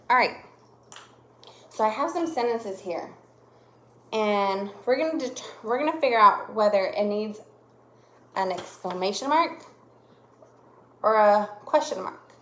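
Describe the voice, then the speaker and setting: A woman teaches young children, speaking slowly and stretching her voice up and down to make each point plain. Her voice sits a little high. The room around her is echoey. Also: a little hiss or hum. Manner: slow, exaggerated voice changes to demonstrate punctuation. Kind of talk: classroom lesson for young children.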